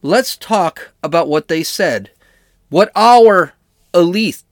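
Man, high voice, lively swings, sarcastic podcast host, dry close sound. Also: takes it slowly, no echo. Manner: animated, sarcastic, ranting. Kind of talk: casual political commentary.

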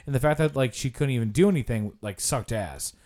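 A man's voice: medium pitch, a little fast. A man hosting a podcast, telling a story casually with lots of swearing and fillers. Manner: animated, profane storytelling with frequent "like". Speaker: podcast host. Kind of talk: casual chat.

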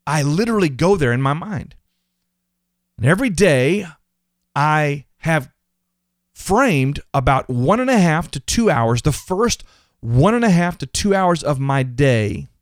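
A man's voice: fairly high pitch, sing-song, unhurried, dry recording, studio quality. A man hosting a motivational faith podcast, earnest and emphatic, often repeating his words. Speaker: podcast host.

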